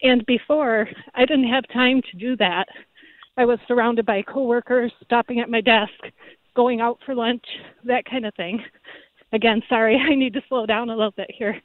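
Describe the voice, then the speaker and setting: A woman's voice: fairly high pitch, fairly even intonation, normal speed, dry recording. A woman calling in to a radio show while out on a walk, out of breath and chatty, laughing as she talks. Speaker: caller. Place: outdoors on a river trail. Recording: tinny phone line.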